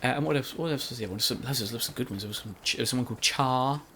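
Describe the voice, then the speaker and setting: Pushed, bright and very fast, a mid-range male voice comes through with a little hiss or hum. The Let's Play commentator rambles over his recorded gameplay in a chatty, self-mocking way.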